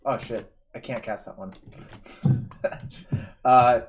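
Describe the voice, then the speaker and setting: A man's voice: medium pitch, fairly even intonation, takes it slowly. A man hosting a live game stream, analyzing plays in a casual, thinking-aloud way. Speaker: streamer host. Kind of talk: casual gaming commentary.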